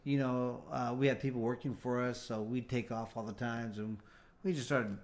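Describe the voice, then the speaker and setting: A man's voice: mid-range voice, steady tone, normal speed. A middle-aged man, a former fighter, telling long stories in a casual interview, rambling with restarts and acting out what others said. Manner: rambling, acts out quoted dialogue with restarts. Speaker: guest, former fighter turned bail bondsman.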